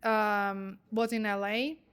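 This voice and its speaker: A young adult woman hosting an interview podcast, chatty and casual with quick reactions. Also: mid-range voice, flat delivery, a bit bright, clean tone. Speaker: podcast host.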